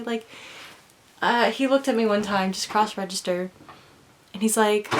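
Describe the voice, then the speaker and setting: A bubbly young woman talks in a loose, rambling way, full of fillers, now and then slipping into a soft whisper. Her pitch sits in a middle range, and a faint hiss runs under her voice. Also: normal speed, long pauses. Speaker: doll vlogger. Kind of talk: casual chat.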